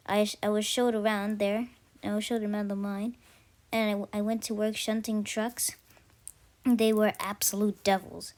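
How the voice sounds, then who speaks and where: A woman narrating a first-person story aloud in an amateur way, halting often and correcting herself mid-sentence. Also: medium pitch, darkish tone. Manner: halting, frequent self-corrections. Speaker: story reader.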